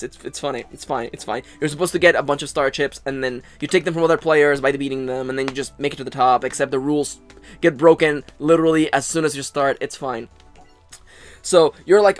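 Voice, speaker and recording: A man's voice: medium pitch, fast talker, no room sound, faint music behind. A man hosting a casual let's play, rambling and sarcastic, swearing and tripping over his words. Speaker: gaming channel host.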